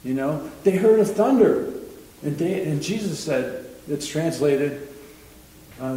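Bible-class teacher, man, slightly high voice, loose chatty delivery, booming echo with faint hiss. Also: expressive, slow, long pauses, warm tone. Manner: chatty, rambling, chuckles often. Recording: very echoey room, faint noise.

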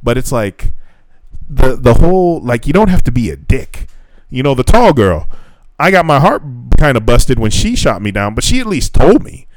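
A man's voice: mid-range voice, moderate pace, no room sound. A young man on a podcast, casually telling a dating story, swearing freely and acting out the dialogue. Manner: profane, animated retelling with quoted dialogue. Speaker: podcast co-host.

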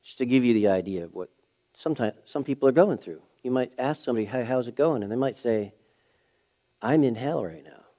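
This is a middle-aged pastor, a man, preaching in church and sharing a story from his own life. His mid-range voice is expressive and a little fast, dropping to hushed passages before rising to emphatic peaks.

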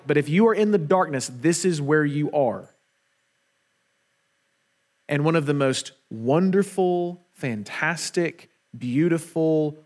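A man preaching a sermon to a congregation, earnest and emphatic, often repeating words for weight. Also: on the high side. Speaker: pastor.

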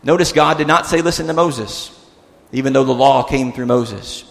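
A man preaching a sermon as pastor, animated and expressive, acting out the disciples' words and dropping to a soft tone for emphasis. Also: mid-range voice, moderate pace, creaky. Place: church sanctuary. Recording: long church-hall reverb.

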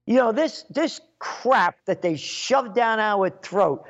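A man's voice: high-pitched, lively intonation, takes it slowly, few pauses. Indignant, sarcastic New man. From the Bronx, New York. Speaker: commentator. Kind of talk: ranting solo commentary. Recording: muffled lo-fi recording.

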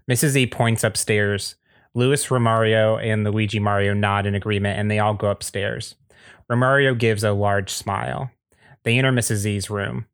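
Low-voiced man reading stage directions. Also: moderate pace, clear, resonant tone, no room sound, studio quality. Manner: plain, steady reading with small slips. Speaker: narrator.

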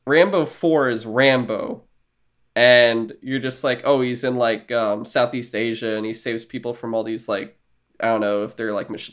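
A man co-hosting a podcast in casual chat, rambling and joking with casual swearing. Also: medium pitch. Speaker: podcast co-host.

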